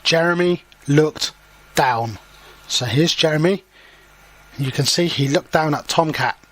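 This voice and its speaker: A man's voice: fairly high pitch, fairly bright tone. A man reading a children's story aloud as an English teacher, stopping to explain words simply. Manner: slow and clear, pausing to explain words. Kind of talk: storybook read-aloud for learners.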